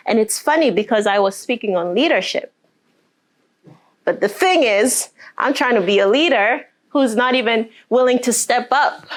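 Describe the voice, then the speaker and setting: A woman speaking as a motivational speaker, telling a personal story with emotion and then guiding a group through deep breaths and affirmations. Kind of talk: motivational talk to a live group.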